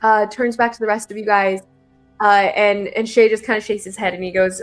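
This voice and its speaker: A woman's voice: mid-range voice, little pitch movement, brisk, faint music behind. Giggly woman narrating as game master. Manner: chatty, giggly, with many fillers and restarts.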